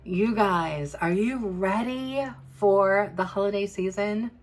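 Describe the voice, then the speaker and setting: A woman's voice: mid-range voice, slow. Bubbly woman chatting with viewers. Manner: bubbly, playful, talks to viewers directly with fillers and asides. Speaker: vlogger reviewing home fragrance. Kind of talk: casual chatty product review.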